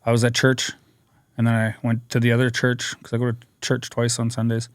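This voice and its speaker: A man telling his recovery story as a podcast guest, earnest and energetic, acting out what people said. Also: medium pitch, a little fast, no room sound, clean studio sound. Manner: energetic, earnest storyteller who acts out quotes. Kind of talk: personal storytelling interview.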